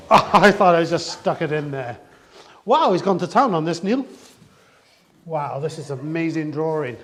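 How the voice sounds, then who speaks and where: A playful man bantering and egging on a friend. His voice is notably high for a man. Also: expressive, unhurried, long pauses, a bit bright. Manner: playful, teasing, prompting. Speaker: co-host. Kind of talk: casual banter.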